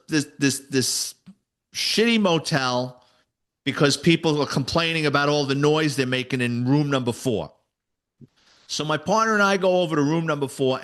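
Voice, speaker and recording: A man, a retired detective and author, telling stories in a casual interview, animated and salty. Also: on the high side. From New York City. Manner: animated storyteller, voices quoted people, swears casually.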